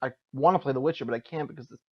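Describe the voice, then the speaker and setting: A man's voice: medium pitch, rapid-fire. A man on a gaming podcast, talking offhandedly and swearing casually. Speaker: co-host. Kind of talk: casual livestream podcast chat. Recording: dull lo-fi stream audio.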